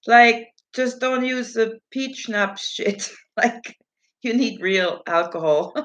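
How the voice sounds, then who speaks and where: Slow, giggly woman chatting on a livestream. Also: a little high, fairly bright tone. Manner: giggly, rambling, self-mocking; breaks off to read and answer chat messages. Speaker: livestream host. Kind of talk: casual livestream chat answering viewers.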